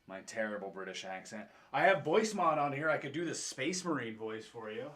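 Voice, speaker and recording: A man's voice: medium pitch, expressive, moderate pace, few pauses, fairly bright tone, reverberant. A man streaming, chatting casually and joking with viewers.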